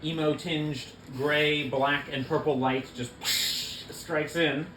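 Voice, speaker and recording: Game master, halting with fillers, mid-low voice, echoey room, noisy background. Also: steady tone, fairly bright tone. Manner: halting, many fillers while describing. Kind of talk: narrating a tabletop game.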